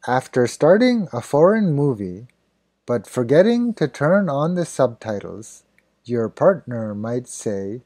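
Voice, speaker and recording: Slow, deliberate man with a dark voice. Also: mid-range voice, big pitch swings, no echo. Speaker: idiom teacher. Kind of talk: scripted narration.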